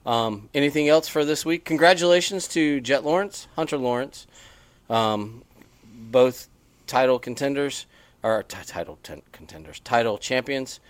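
A man's voice: mid-range voice, animated, moderate pace, no room sound. Man, podcast co-host, chatty and rambling, dry close sound. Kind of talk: casual podcast chat. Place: on a porch.

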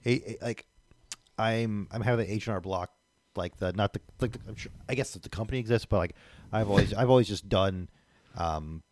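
A man in casual podcast chat, talking haltingly with many fillers and restarts. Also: lowish voice, a little mellow. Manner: halting, filler-heavy, lots of "like".

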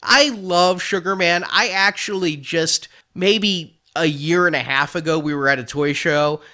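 Bright-voiced man chatting about toys. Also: on the high side, measured pace. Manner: chatty, joking, laughs often. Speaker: toy collecting podcast host. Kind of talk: casual chat.

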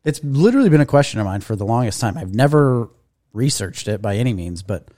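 Dude cohosting, middle voice, dry jokes. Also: male voice, medium pitch, sing-song, fast, warm tone. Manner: dry, teasing comebacks. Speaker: podcast co-host. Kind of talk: casual chat.

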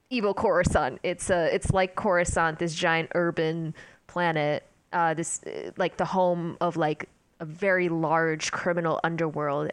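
Chatty low-voiced woman, dry sound. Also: clear, resonant tone, no room sound. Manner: chatty, rambling, laughs often. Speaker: podcast co-host. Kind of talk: casual fan chat.

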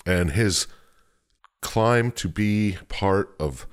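A man's voice: low voice, extremely slow. A man co-hosting a podcast, casually retelling a game's story with frequent laughs and swearing. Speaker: podcast co-host. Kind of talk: casual chat recapping a video game.

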